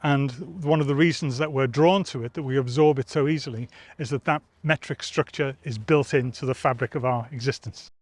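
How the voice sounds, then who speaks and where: A man's voice: mid-range voice, a little fast, few pauses, no echo. A man, a theatre festival director, explaining verse rhythm in an interview, tapping out beats aloud and reciting lines to demonstrate. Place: outdoor college garden.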